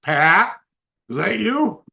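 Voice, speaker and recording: A man's voice: high voice, very animated, takes it slowly, gravelly, pushed and bright, voice pushed up, exaggerated voice. A man putting on the voice of an older male karate grandmaster calling on the phone, courteous and apologetic. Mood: polite.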